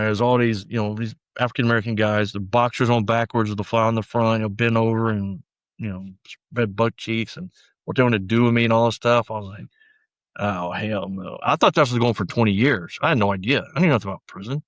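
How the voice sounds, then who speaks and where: A man's voice: lowish voice, fairly even intonation, fast, no echo, dull audio. A man as a podcast guest, telling his story bluntly in a rambling, casual way with lots of fillers. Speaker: podcast guest, former sheriff's deputy.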